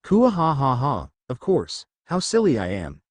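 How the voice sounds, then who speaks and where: Reading fan fiction at a normal speed, a man plays a grandiose, boastful male storm dragon in slime form, letting out big booming laughs. His delivery is sing-song, with no room sound.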